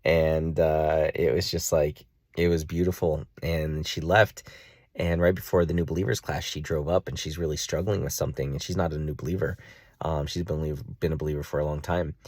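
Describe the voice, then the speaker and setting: A man telling a long personal story in a casual vlog, rambling with many fillers and jumping into a high, excited voice when he acts out his own reactions. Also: moderate pace, no echo, clean studio sound. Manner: jumps to a high excited pitch when reenacting himself. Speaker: vlogger.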